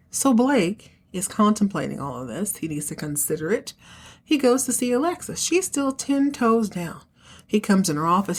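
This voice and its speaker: A woman hosting a podcast, casually recapping a TV episode and acting out the characters' lines with slangy, animated asides. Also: fairly low pitch, normal speed. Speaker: podcast host recapping a TV show. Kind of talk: casual recap with acted-out dialogue.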